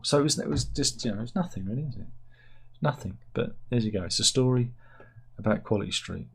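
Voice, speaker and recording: A man's voice: mid-range voice, fairly quick, gravelly, husky. A man hosting a casual satirical news chat, rambling and interrupting himself with asides. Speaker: host reading news stories.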